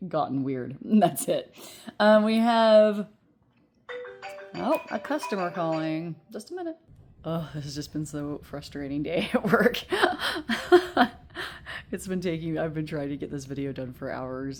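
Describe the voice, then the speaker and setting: A woman in her thirties with a low voice and a darkish tone does a relaxed pick-a-card tarot reading from home, speaking into earbuds. Her talk rambles, full of laughter and filler words.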